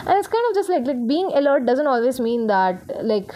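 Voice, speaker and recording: A woman's voice: high voice, sing-song, normal speed, mellow, a little hiss or hum. A young woman giving a casual tarot reading, talking in a rambling, blunt way and swearing freely. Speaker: tarot reader.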